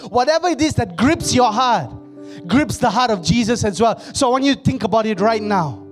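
A man's voice: very high voice, expressive, moderate pace, faint music behind. A man preaching to his church in a conversational way, often laughing and acting out the people he quotes. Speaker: pastor. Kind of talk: sermon.

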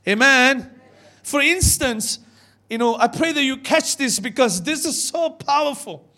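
A man with a notably high voice preaches to his church. He tells a personal story with emphasis, repeating words and calling out to the congregation. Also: expressive, unhurried, sharp tone. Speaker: pastor. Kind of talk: sermon with storytelling.

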